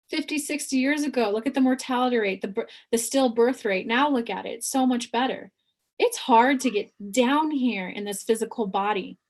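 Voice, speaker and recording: Animated woman giving a spiritual reading. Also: a little high, normal speed. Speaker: psychic medium giving readings.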